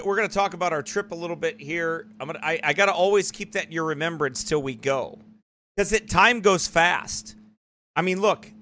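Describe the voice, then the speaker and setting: Man, church livestream host, fairly high and forceful voice, rambling casual talk. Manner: rambling, digressive. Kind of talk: casual live-stream commentary.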